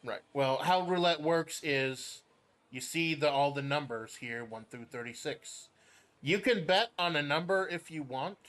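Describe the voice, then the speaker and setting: A man's voice: on the high side, fairly bright tone. A man hosting a casual game stream, joking with profanity and stammering repeats as he explains the rules step by step. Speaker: streamer host.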